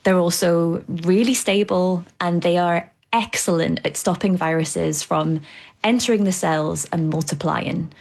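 A woman's voice: on the low side, gravelly, darkish tone. A woman scientist explaining biology for radio in plain, enthusiastic terms. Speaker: shark scientist.

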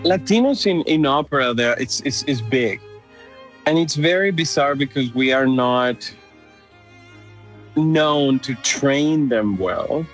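A man's voice: mid-range voice, slow pace, faint music behind. A man from Mexico with a Mexican Spanish accent, an opera company director speaking in an enthusiastic, casual interview and often restarting his sentences.

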